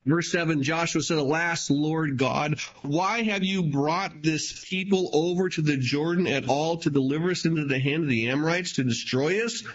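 A man preaching with fervor, his somewhat high voice climbing for emphasis and then dropping low again. He moves between reading verses and paraphrasing them in a lively, plain-spoken way. The recording sounds muffled and lo-fi. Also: normal speed, hardly any pauses. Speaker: pastor. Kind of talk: sermon.

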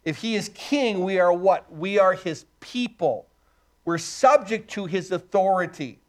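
A man's voice: high-pitched, lively intonation, measured pace. A middle-aged male pastor preaching a sermon, emphatic, asking rhetorical questions and answering them himself.

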